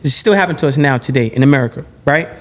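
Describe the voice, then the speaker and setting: A man being interviewed on a podcast, talking in an animated, blunt and profane way, often repeating and restarting his phrases. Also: medium pitch, very fast. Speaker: podcast guest.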